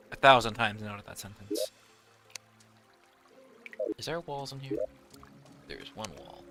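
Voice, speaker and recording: A man's voice: medium pitch, lively intonation, a little slow, vocal fry, pauses often, over music. A young man giving casual gameplay commentary, rambling and ranting animatedly. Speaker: gaming video creator.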